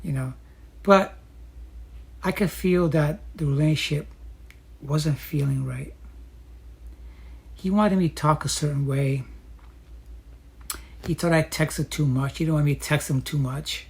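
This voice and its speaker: A woman telling her own dating story in a chatty, reflective way, often pausing with fillers. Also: low-pitched, creaky, a little mellow, slightly rough. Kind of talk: casual personal storytelling.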